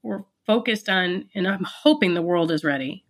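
A woman's voice: lowish voice, expressive, a little slow. A woman who founded a business, telling an earnest, reflective story in an interview, with fillers and restarts.

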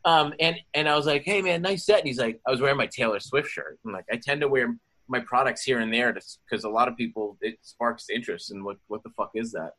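A man with a bright, forceful voice, chatting casually and telling stories with lots of swearing. He talks in an animated, loose way, like he's among friends. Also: mid-range voice, fast talker. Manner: profane, animated storyteller. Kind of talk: casual chat.

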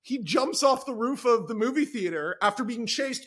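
A man chats casually as a podcast guest and screenwriter, rambling excitedly and filling his talk with "like". His voice is very high and bright, with an edge of tension. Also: moderate pace. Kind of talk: casual chat.

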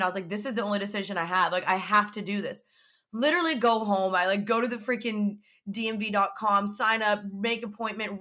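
A woman in her twenties hosting her own podcast, chatting casually and telling stories in a lively way. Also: mid-range voice. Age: 20s. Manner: chatty, animated storytelling. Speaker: podcast host. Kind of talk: casual chat. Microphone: podcast microphone.

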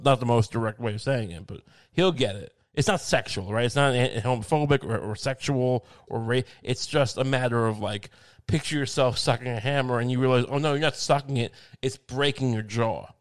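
A man's voice: medium pitch, brisk. A man doing a rambling, profane comic monologue, ranting and drifting from one subject to the next.

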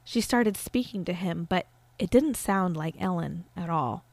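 A woman's voice: lowish voice, animated, unhurried, creaky, a little mellow, dry recording. Chatty woman telling a true-crime story. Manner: chatty, uses fillers like "like". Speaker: podcast host.

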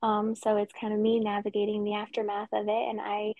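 A woman's voice: medium pitch, completely flat delivery, a little fast, a little mellow, dry recording, muffled recording. A woman co-hosting a podcast, chatting casually and openly about her feelings and laughing often. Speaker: podcast co-host. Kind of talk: casual heartfelt chat.

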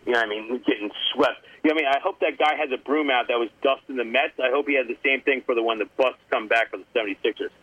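A man's voice: medium pitch, racing, hardly any pauses, husky, no echo. A man calling in to a sports radio show, chatting in a laid-back, agreeable way. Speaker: caller. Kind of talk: casual sports radio banter. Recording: dull lo-fi phone line.

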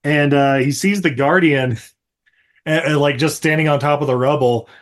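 A man's voice: a little high, moderate pace. A man on a casual podcast, recapping a movie in a rambling way with frequent laughs and casual swearing. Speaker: podcast co-host.

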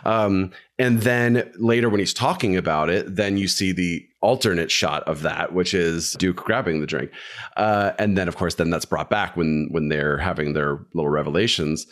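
A man's voice: sits low, normal speed. A man co-hosting a podcast, giving a meandering, self-interrupting take on films in casual chat. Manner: meandering, self-interrupting analysis with many fillers. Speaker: podcast co-host discussing films.

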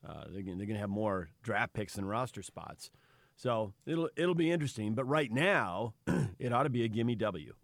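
A man's voice: fairly low pitch, big pitch swings, moderate pace, vocal fry, dry recording. A man co-hosting a sports radio show, talking conversationally and analytically. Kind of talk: casual sports talk.

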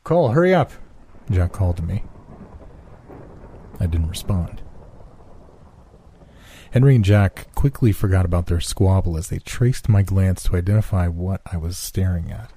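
A man narrating a scripted horror story in a measured, hushed storytelling manner on a close mic. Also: sits low, a little hiss or hum.

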